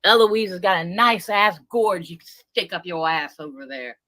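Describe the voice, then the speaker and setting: Fiery, bright-voiced woman ranting profanely. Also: on the low side, expressive, normal speed, rough recording. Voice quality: profane, heated, confrontational. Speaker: livestream guest venting about a former friend. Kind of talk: angry ranting livestream talk. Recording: livestream audio.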